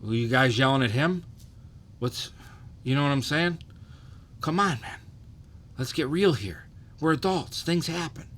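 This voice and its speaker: A man's voice: a little high, animated, measured pace, pauses often, a bit bright. A man in his thirties hosting a casual livestream, loose and profane, often asking "you know what I'm saying". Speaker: livestream host.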